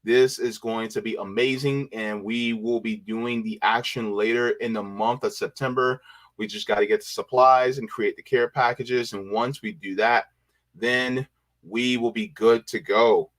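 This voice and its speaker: A man hosting a livestream, thanking viewers by name and getting excited and emotional. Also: mid-range voice, measured pace. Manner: excited, emotional, shouting for joy. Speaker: livestream host. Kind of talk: casual livestream sign-off.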